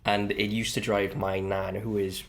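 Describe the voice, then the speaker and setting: A man with a Swansea Welsh accent chats casually, acting out the voices in his stories with animation. His voice sits on the lower side. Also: normal speed, slight background noise. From Wales. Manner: animated storyteller who acts out quoted voices. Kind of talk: casual podcast chat.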